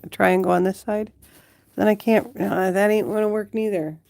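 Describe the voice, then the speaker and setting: Woman, casual live-stream chat, giggly, talks to her pets, mellow warm tone, phone held close. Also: mid-range voice, fairly even intonation, moderate pace, creaky. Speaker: pet owner hosting a live stream. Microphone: handheld phone camera held close.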